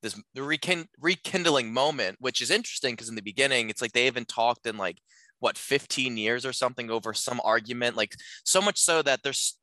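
A man casually talking through a film on a podcast, rambling with lots of filler words and acting out lines in animated voices. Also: mid-range voice, brisk, no room sound.

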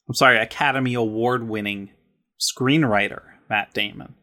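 Bright-voiced man chatting, full of fillers. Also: medium pitch, unhurried. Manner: laughs often, with playful jokey asides; rambling, with many fillers and restarts. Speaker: podcast co-host. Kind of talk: casual lore chat.

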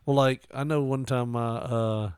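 A man's voice: medium pitch, steady tone, unhurried, darkish tone, smooth, dry recording, clean studio sound. A man co-hosting a podcast in casual chat, joking and laughing a lot as he riffs.

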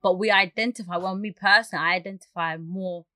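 A woman's voice: on the low side, steady tone, sharp tone, dry recording, clean studio sound. A woman from Somalia talking frankly and proudly in a casual group chat. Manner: frank, proud, quick back-and-forth. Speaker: podcast guest.

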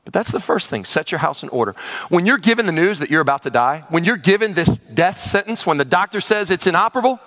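A middle-aged male pastor preaching a sermon to a church congregation, swinging between excited high asides and low, emphatic points. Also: fast talker. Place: church sanctuary, also streamed online.

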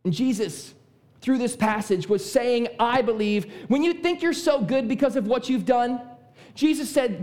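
A man preaching a sermon, emphatic and repetitive, dropping his voice low to drive home key points. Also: a little slow, a little mellow.

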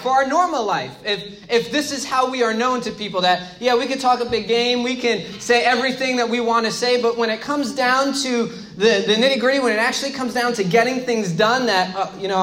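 A man's voice: very high-pitched, a bit bright. A man giving a conversational sermon as a pastor, speaking informally, repeating key phrases and asking the audience questions. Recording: echoey room.

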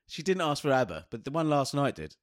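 A man co-hosting a podcast, telling DJ anecdotes with lively storytelling and frequent laughter. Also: mid-range voice, fairly quick, no echo, clean studio sound. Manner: animated storytelling, acts out exchanges, laughs often. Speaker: podcast co-host and DJ. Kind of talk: casual banter.

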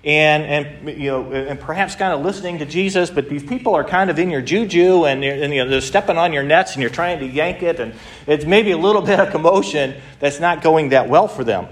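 A man preaching a sermon, retelling a story in a lively way, acting out the quotes, with many restarts. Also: fairly high pitch, brisk. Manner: animated storytelling with frequent restarts and acted-out quotes. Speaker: pastor.

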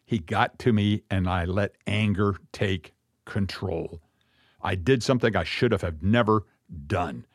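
A middle-aged man, a Messianic rabbi, telling a personal story as a sermon in an earnest, reflective way, with pauses and restarts. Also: low-pitched, dry recording, clean studio sound.

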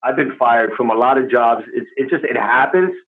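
A man hosting a podcast, chatting casually with relaxed slang. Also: mid-range voice, normal speed. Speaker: podcast host. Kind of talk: casual chat. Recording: tinny phone-like line.

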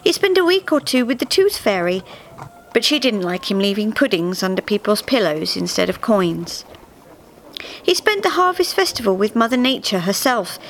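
A woman storyteller giving an expressive, measured live reading of a festive tale in a theatre. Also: medium pitch, a little hiss or hum, low-quality recording.

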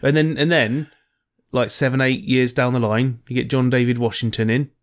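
A man's voice: medium pitch, steady tone, moderate pace. A man in casual film chat, dry and sardonic, swearing casually.

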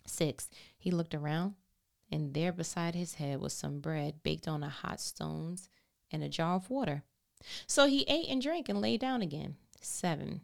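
A woman podcast host reading Bible verses aloud and calling out verse numbers, then breaking into animated, playful commentary with casual slang. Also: sits low, moderate pace, creaky.

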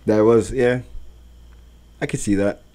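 A man with a fairly low voice tells stories in a relaxed, casual chat. He is animated and profane, breaking into laughter and acting out the people he describes. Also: measured pace. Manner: laughs often while talking. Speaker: podcast co-host recounting rideshare driving.

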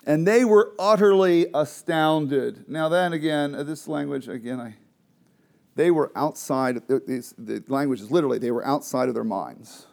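A man's voice: mid-range voice, normal speed, gravelly. Man teaching a Bible class. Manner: animated, explains with questions to the group. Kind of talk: Bible study lecture.

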